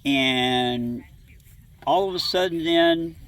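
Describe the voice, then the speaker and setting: Folksy middle-aged man from southwest Ohio, rambling interview storyteller, slightly higher voice, caught from a distance. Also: takes it slowly, fairly bright tone. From southwest Ohio, USA. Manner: folksy, rambling, acts out dialogue. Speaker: interviewee recounting childhood encounters. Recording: distant mic, faint background noise.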